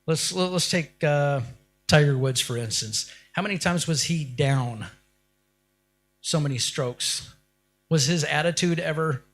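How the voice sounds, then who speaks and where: A man's voice: fairly high pitch, unhurried, a bit bright, a little hiss or hum. A man delivering a motivational keynote speech, firing rhetorical questions at the audience and building up to short, punchy lines. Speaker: keynote speaker.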